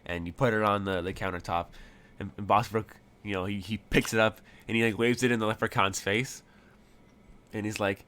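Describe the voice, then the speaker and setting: A man runs a tabletop game, narrating in a somewhat low voice. He wanders through his descriptions, full of fillers and restarts. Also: steady tone, brisk, fairly bright tone. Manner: rambling, many fillers. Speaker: game master.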